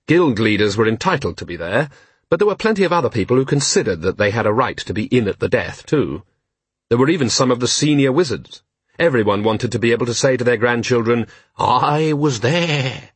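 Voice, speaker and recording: A man narrating an audiobook in an expressive, wry storytelling manner. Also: mid-range voice, fairly quick, breathy edge, no room sound.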